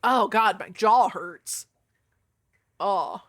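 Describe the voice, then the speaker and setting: A young adult woman streamer chatting casually with her viewers, swearing freely, with a deeper voice than most women. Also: very slow. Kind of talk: casual live-stream chat.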